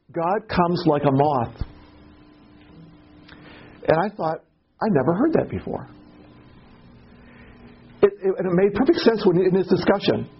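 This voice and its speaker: A man leading a Bible study class in a casual teaching style, halting and repeating words and posing questions to the group. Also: sits high, slightly rough, muffled recording.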